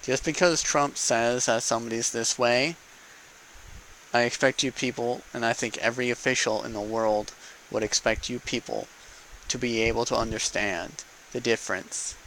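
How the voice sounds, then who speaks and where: A man's voice: mid-range voice, fairly even intonation, moderate pace, fairly bright tone, a little hiss or hum, low-quality recording. A man giving a casual, argumentative political monologue to camera, punctuating points with rhetorical "okay?" and "right?". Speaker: vlogger speaking to camera.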